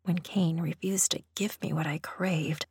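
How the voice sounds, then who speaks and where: A woman narrating a first-person story in a soft, intimate whisper, as whispered role-play. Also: fairly low pitch, steady tone, a little slow, slightly rough, no room sound, studio quality.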